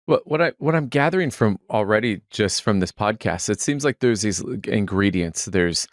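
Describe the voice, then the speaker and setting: Male podcast host, lowish voice, reflective interviewer. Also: animated, moderate pace, no echo, clean studio sound. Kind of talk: interview questions.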